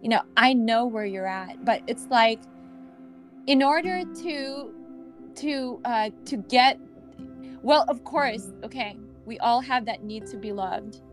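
A woman podcast host and healing coach in casual conversation, rambling and searching for words with lots of fillers, laughing easily. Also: on the high side.

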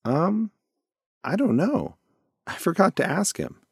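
A man's voice: high voice, big pitch swings, takes it slowly, vocal fry, breathy edge, no room sound, clean studio sound, pitched above the performer's own voice, exaggerated voice. Man doing Dash, a clever young girl mouse. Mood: eager.

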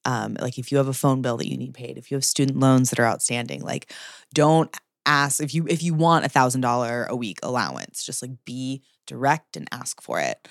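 A woman's voice: extremely low pitch, brisk, vocal fry, no echo, studio quality. A woman in her thirties, a podcast guest, talking casually in an interview, often laughing and restarting her sentences. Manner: chatty, laughing, many fillers and restarts.

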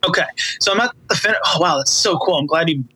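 A man guesting on a podcast over a remote call, telling a heartfelt story in casual chat with halting speech and many restarts. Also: a little high, noisy background.

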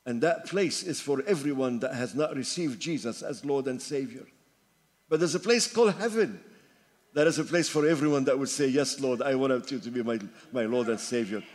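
Fervent older man preaching in a reverberant hall. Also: moderate pace. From Lebanon. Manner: fervent preaching, drops low and quiet for personal stories. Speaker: pastor. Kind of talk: sermon. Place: church sanctuary. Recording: long hall reverb with faint music.

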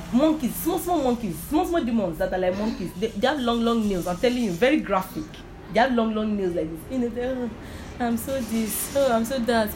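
A woman's voice: on the high side, darkish tone. Emphatic woman preaching. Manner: repetitive, emphatic, often asks if listeners understand. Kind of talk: informal sermon with personal testimony.

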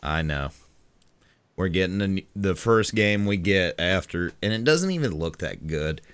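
A podcast co-host with a very deep voice that swings widely as he jokes. He talks slowly and teases his friends deadpan, recorded dry and close with no room sound. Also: clear, resonant tone, no echo. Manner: joking, deadpan teasing. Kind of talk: casual chat.

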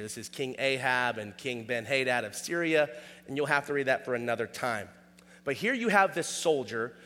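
A man's voice: medium pitch, fairly bright tone, in a large hall. A man preaching a sermon in a casual, conversational way, often asking "all right?". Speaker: pastor.

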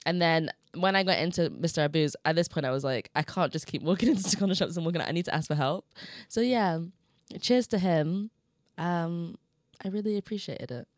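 A woman's voice: fairly low pitch, brisk, dry recording, studio quality. A young woman, co-hosting a casual podcast chat and telling stories animatedly. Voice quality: slightly muffled from chewing gum. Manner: animated storytelling with laughs. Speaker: podcast co-host.

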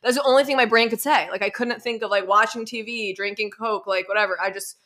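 A young adult woman hosting a podcast, telling stories in a chatty, animated way full of fillers. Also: mid-range voice, fast, a little hiss or hum. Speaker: podcast host. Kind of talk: casual interview chat.

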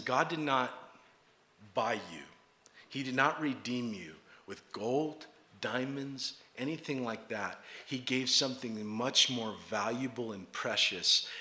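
Bright-voiced man preaching in an echoey room. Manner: animated storytelling, laughing and loud as he acts out the scene; low, earnest appeal when preaching. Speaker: pastor. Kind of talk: sermon with a personal story.

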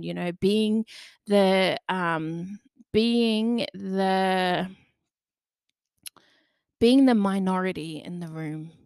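A woman's voice: on the low side, gravelly, darkish tone, no echo, clean studio sound. A young woman talking candidly in a loose, chatty way, full of fillers and the odd swear word. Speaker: podcaster. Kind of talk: candid personal monologue.

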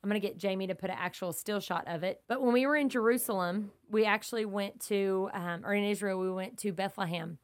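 A woman of middle pitch gives a devotional podcast teaching. She speaks earnestly and with emphasis, and she slips easily into personal stories. Her tone stays casual and direct, like a mom talking to her listeners. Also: a little fast, few pauses. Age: young adult to middle-aged, mother of kids. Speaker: podcast host teaching scripture.

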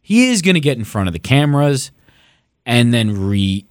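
A young man co-hosting a sports podcast goes on a sarcastic, profanity-laced rant that keeps heating up. His medium-pitched voice swings widely in pitch at a normal speed, recorded clean in a studio with no room sound.

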